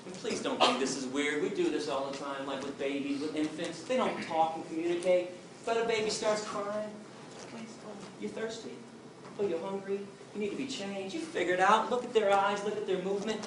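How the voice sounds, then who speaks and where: A middle-aged man giving an impassioned, emphatic talk to a crowd, telling his story. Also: fairly high pitch. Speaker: activist speaker. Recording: distant echoey room with noise.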